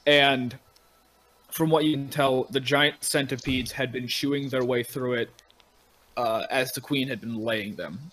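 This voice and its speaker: A man's voice: mid-range voice, fairly even intonation, a little slow, fairly bright tone, a little hiss or hum, rough recording. A man narrating as game master in a casual online tabletop game, loose and rambling. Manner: loose and rambling, with many fillers.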